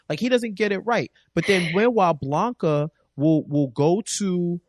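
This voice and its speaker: A man co-hosting a casual TV recap show, telling the plot in an animated way and acting out the characters' lines. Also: high-pitched, moderate pace, few pauses, no echo, clean studio sound. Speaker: podcast co-host.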